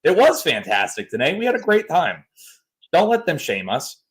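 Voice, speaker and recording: This podcast co-host, a man in his thirties, has a fairly high, husky voice and speaks at a normal speed. He tells stories in an animated, loose, exaggerated way while chatting casually, captured in a low-quality recording.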